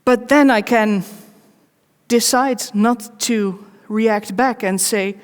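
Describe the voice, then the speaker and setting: A woman giving a live conference talk, candid and personal, with wry self-mocking asides and measured pauses between short phrases. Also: fairly high pitch. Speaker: conference speaker. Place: large conference hall. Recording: long reverb of a big hall.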